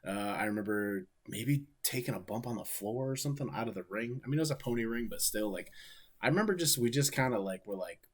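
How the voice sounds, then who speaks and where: On a livestream, an Ohio-born wrestler chats loosely about his matches as he watches them and answers questions from viewers. His voice is on the low side, expressive and a little fast, and his manner is laid-back, rambling and full of swearing.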